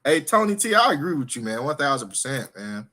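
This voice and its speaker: A man's voice: mid-range voice, sing-song, brisk, sharp tone. A young man co-hosting a casual live sports stream, reading viewer comments aloud, teasing his co-host and laughing often.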